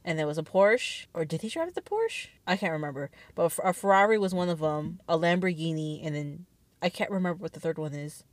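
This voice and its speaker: A woman's voice: on the low side, expressive, a little fast, no echo. A young woman co-hosting a casual chat podcast, easygoing and giggly, teasing her partner with mock exasperation. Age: young adult. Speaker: podcast co-host.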